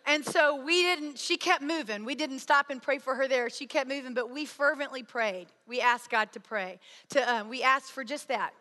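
High, bright woman preaching in a hall. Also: normal speed, few pauses. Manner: earnest storytelling, acts out quoted voices. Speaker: speaker. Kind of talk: sermon with personal story. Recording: long hall reverb.

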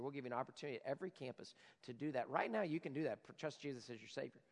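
A man in his forties preaching a sermon as a pastor, moving between loud emphasis and hushed, prayerful passages. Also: medium pitch, lively intonation, racing, gravelly, hardly any pauses, big-room sound.

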